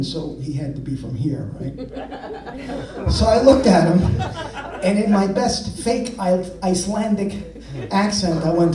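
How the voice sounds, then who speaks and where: A man, a blues singer and guitarist, telling deadpan jokes to the crowd between songs on an outdoor festival stage. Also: high voice, measured pace. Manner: joking, deadpan storyteller. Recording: echoey live sound from far off. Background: guitar music.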